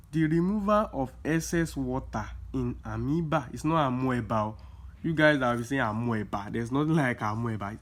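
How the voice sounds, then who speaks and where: A man's voice: medium pitch, slight background noise. Repetitive man tutoring exam prep. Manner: explains slowly with many repeats, emphatic. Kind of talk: casual exam-prep lesson.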